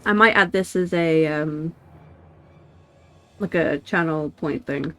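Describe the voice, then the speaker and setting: A woman's voice: low voice, slow pace, a bit bright. A woman streaming a video game, chatting casually and reading game lines aloud.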